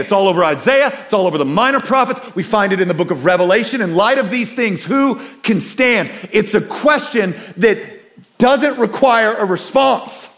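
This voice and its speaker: A man preaching a sermon with a lively, swooping delivery that climbs high when he presses a point. He sits a bit above the usual pitch for a man and talks to the congregation in a casual, conversational way. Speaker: pastor.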